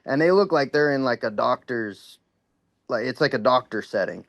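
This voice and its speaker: A man's voice: medium pitch, animated, moderate pace, creaky, a bit bright, no echo, dull audio. A man calling in to tell a personal paranormal story in a casual, rambling way, full of "like" and "you know" and free with swearing, a little worked up. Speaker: caller sharing a paranormal experience.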